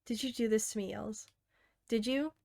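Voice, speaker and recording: A woman reading aloud as a self-aware teenage game girl, earnest and intimate, softly pleading. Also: on the high side, fairly even intonation, moderate pace, vocal fry, no room sound. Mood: pained.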